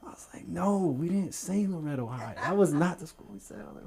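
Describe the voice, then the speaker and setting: A man's voice: fairly high pitch, wildly swooping pitch, fairly quick, vocal fry, hardly any pauses, a crowd in the background. A man doing a stand-up set on a club stage, telling a story in a loose, rambling way with plenty of fillers. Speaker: stand-up comedian.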